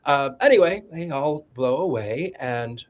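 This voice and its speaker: A man's voice: medium pitch, animated, unhurried. A man on a podcast panel giving a joking, rambling film synopsis in a sarcastic, playful way. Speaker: podcast co-host.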